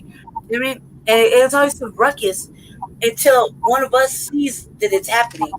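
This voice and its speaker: A woman's voice: on the high side, normal speed, rough recording. Lady podcast host rambling thru a story, cussing a lot, "you know what i mean" every other line, laughing along, faint hum behind her. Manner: loose and profane, full of "you know what I mean" and "right?". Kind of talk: casual storytelling chat.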